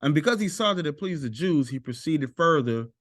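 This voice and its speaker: A man teaching a Bible lesson while sharing his screen, slowly repeating and stressing Hebrew words. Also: on the high side, animated, dry recording, clean studio sound. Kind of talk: screen-share scripture lesson.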